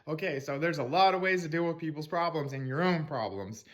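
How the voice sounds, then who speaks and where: A man's voice: a little high, fairly quick. A man coaching a tapping technique in loose, rambling talk, swearing casually and acting out angry self-talk in a raised voice. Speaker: spiritual mindset coach.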